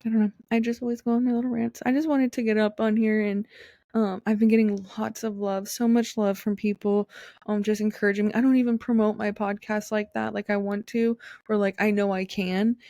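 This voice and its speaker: A woman's voice: medium pitch, little pitch movement, brisk, dark tone, no echo, clean studio sound. A young adult woman hosting her own podcast, talking in an earnest, rambling monologue full of fillers and restarts. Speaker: podcast host. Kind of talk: casual personal monologue.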